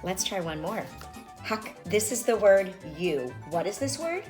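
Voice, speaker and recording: A woman's voice: mid-range voice, very animated, measured pace, a little mellow, faint music behind. A woman in her forties teaching her young son sight words at home, explaining each step to parents in an encouraging, instructive manner. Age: 40s. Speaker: reading tutor and mother. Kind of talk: home reading lesson with parent tips.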